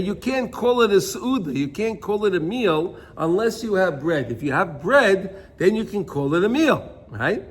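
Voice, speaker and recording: A man's voice: high-pitched, husky. A man teaching an informal Torah class, telling stories and often checking in with "right?".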